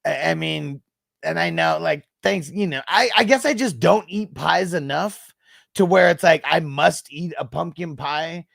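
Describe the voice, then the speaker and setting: A man's voice: on the high side, measured pace, vocal fry, fairly bright tone, no room sound, clean studio sound. A man in his thirties hosting a fantasy football livestream, chatting casually with viewers in a laid-back, slangy way, with frequent swearing and laughter.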